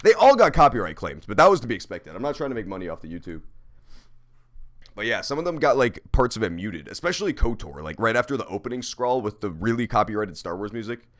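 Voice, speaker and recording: A let's play streamer delivers casual, rambling gameplay commentary full of swearing and jokes. His voice is on the low side, fast and sing-song.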